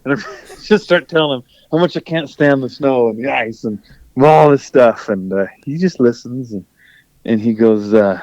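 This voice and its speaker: A man who drives trucks and hosts a podcast, telling a story in a casual, animated way and acting out his own quoted thoughts. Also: medium pitch, moderate pace, dry recording, dull audio.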